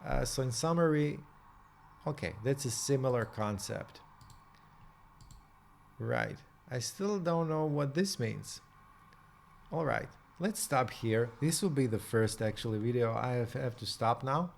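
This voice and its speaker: Man, casual coding vlog, thinks aloud, halting restarts, mid-pitched voice, faint keyboard typing behind. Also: expressive, vocal fry, a little hiss or hum. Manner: reads documentation aloud in quick bursts. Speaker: programmer vlogger.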